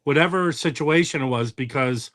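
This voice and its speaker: Bright-toned, halting man on a call. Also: fairly high pitch, no echo. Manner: halting, restarting sentences. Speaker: live stream panelist. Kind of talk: casual group chat on a video call.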